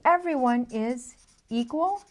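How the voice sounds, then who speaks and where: A woman's voice: high voice, slow. A woman in her thirties presenting a workshop at a whiteboard, speaking emphatically, often dropping to a near-whisper for effect and checking in with "okay?". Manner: repeats "okay?" to check in with listeners. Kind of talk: teaching talk at a whiteboard.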